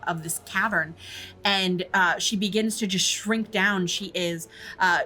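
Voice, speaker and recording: Woman game master, bright clear tone, descriptive tabletop narration, a few ums. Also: fairly low pitch. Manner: descriptive narration with frequent fillers.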